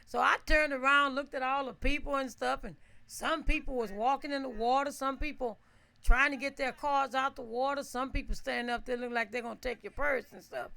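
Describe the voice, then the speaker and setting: A woman tells a story in a relaxed, chatty way, laughing often and checking in with her listeners. Her voice sits high with a gravelly edge. Her tone is bright and sharp. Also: a little fast. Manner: animated, laughs often, asks listeners "right?"; acts out her own shouts and quotes. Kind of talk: casual storytelling.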